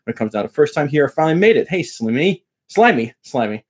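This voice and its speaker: A man's voice: a little high, expressive, rapid-fire, darkish tone, husky. A middle-aged man from Long Island, a guitar teacher chatting casually with viewers on a live stream, joking and greeting people by name. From Long Island, New York.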